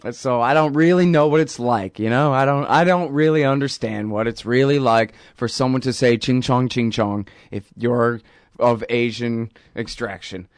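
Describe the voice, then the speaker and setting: A man's voice: mid-range voice, moderate pace, dry recording, studio quality. A man hosting a show, ranting sarcastically about politics in a rambling, mocking way. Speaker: host. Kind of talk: casual political rant.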